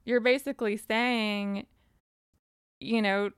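Unhurried, gravelly-voiced woman giving frank advice. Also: mid-range voice, a bit bright, dry recording, clean studio sound. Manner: direct, frank, counts off numbered points. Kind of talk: casual advice talk.

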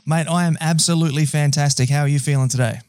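An upbeat Australian man hosts a podcast with a casual, friendly, chatty delivery. His voice sits a little high for a man and sounds close and dry, with no room around it. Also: steady tone, fast talker, darkish tone, no room sound. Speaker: podcast host.

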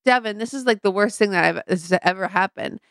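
A woman's voice: mid-range voice, brisk, fairly bright tone, dry recording, clean studio sound. A young adult woman co-hosting a podcast, telling a candid, self-mocking story in casual chat, with plenty of fillers. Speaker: podcast co-host.

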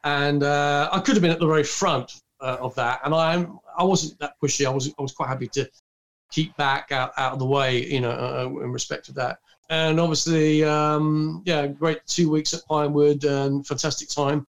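Rambling older man, slightly high. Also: fairly even intonation, moderate pace. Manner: rambling, full of fillers and restarts. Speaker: guest recalling film work. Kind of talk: anecdotal storytelling.

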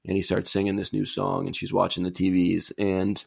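A man's voice: low voice, completely flat delivery, a little fast, creaky, slightly rough, dry recording, studio quality. A man in casual chat, retelling a movie plot in a rambling, easygoing way.

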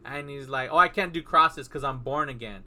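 Bright-voiced man retelling a movie. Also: mid-range voice, moderate pace. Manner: animated retelling, acting out characters' lines. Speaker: podcast co-host. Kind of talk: casual film recap chat.

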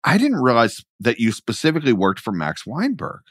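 A man's voice: medium pitch, wildly swooping pitch, a little fast, no echo, clean studio sound. A man hosting a podcast, chatting casually and encouraging his guest. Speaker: podcast host. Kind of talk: casual interview chat.

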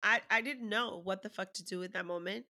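Woman, candid storyteller, bright forward tone, emotional and profane, conversational. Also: medium pitch, a little fast. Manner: raw, emotional, swears freely.

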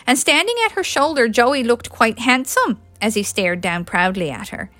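A woman, a published author, reading an audiobook aloud in a lively, expressive way. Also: fairly high pitch, normal speed, dry recording. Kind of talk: audiobook narration.

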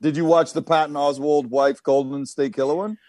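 A man co-hosting a casual chat, talking in a rambling, profane, animated way. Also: on the high side, normal speed, dry recording.

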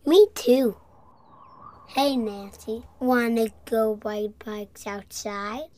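Kid boy for a storybook woman voicing, stubborn and excitable, unhurried. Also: on the high side. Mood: playful. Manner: excited, protesting. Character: young boy Jake, playful and stubborn.

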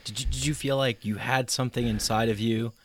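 Fast-talking, chatty male host. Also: medium pitch, steady tone. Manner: quick, chatty, prompting questions. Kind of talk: casual chat.

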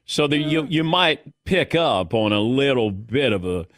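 A man's voice: mid-range voice, animated, unhurried, fairly bright tone, no echo, studio quality. A man from Southern Ohio hosting a sports radio show in casual chat, laughing often and mimicking voices.

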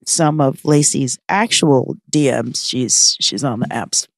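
A woman's voice: a bass voice, takes it slowly, vocal fry, dry recording. A woman co-hosting a podcast in casual chat, teasing and laughing a lot. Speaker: podcast co-host.

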